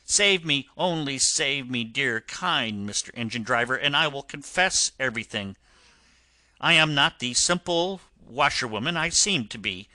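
A man voicing a boastful male toad gentleman who pleads and pities himself, in an audiobook reading. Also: medium pitch, sing-song, measured pace, no echo, heavily acted. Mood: pleading. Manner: pleading and self-pitying. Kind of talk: audiobook character voice.

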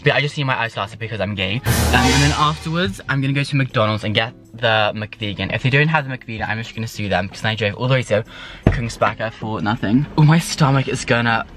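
A man chatters away from the driver's seat, excitable and rambling, with plenty of swearing. His pitch sits in an ordinary middle range, and music plays behind him. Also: fast. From Sweden. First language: Swedish. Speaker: food vlogger. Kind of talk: casual food review vlog. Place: in a car while driving.

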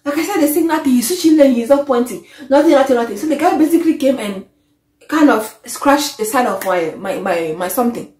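A woman, vlogging an animated, exasperated rant to camera that often trails off. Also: high voice, fairly quick. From Africa. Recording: echoey room.

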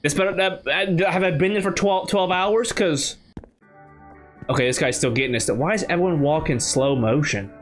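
A man's voice: on the high side, moderate pace, faint music behind. A man from the United States giving chatty, casual commentary while playing a game, thinking aloud with many restarts. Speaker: gaming channel host. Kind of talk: casual let's-play commentary.

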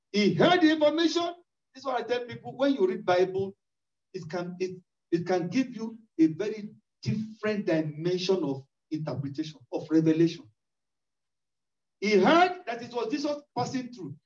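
Male preacher, very high voice, emphatic and repetitive, heard from far off in a dull church recording. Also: animated, moderate pace. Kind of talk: sermon. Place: church hall. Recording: echoey distant lo-fi church recording.

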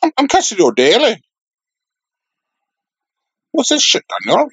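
A cheeky, foul-mouthed comedy doll, put on by a man, chattering in a bouncy, sing-song voice with a gravelly edge. The sound is close and dry. It rambles and giggles through crude jokes. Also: extremely high pitch, wildly swooping pitch, normal speed, fairly bright tone, dry recording, full character voice. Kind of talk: comedic puppet commentary.

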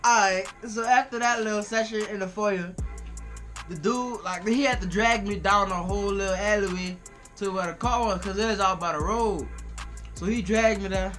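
Young male vlogger, bright voice, laid-back slangy storyteller. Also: high-pitched, moderate pace, faint music behind. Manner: laughing often, relaxed slangy retelling. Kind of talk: casual storytelling.

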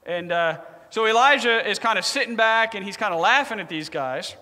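A man delivers a sermon as lively, joking storytelling, talking to the congregation like a friend. His voice sits high and bright, and a long reverb trails behind it. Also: moderate pace. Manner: joking, conversational, animated. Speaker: preacher.

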